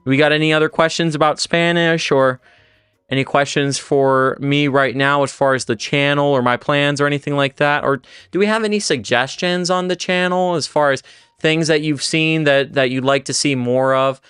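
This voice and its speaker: A man's voice: a little high, steady tone, normal speed, a bit bright, smooth, dry recording, studio quality. A man who is a native English speaker, teaching Spanish on a casual livestream, rambling and often restarting his sentences. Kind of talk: livestream lesson.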